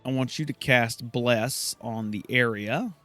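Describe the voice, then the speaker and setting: A young man hosting a let's play, casually thinking aloud and reacting excitably. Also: medium pitch, measured pace, soft background music. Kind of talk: gameplay commentary.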